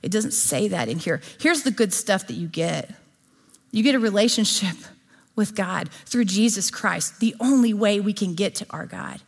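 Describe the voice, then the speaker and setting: A woman's voice: mid-range voice, expressive, moderate pace, vocal fry. A woman preaching a sermon to a live audience in a conversational way, often asking her listeners questions. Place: church or gathering before an audience.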